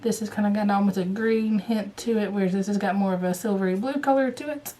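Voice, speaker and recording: A woman with a Southern US accent, chatting casually and rambling as she shows off embroidery threads, now and then dropping to a soft murmur. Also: medium pitch, fast talker. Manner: rambling, chatty, drifts to hushed murmurs while showing threads. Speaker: cross-stitch vlogger. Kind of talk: casual chat.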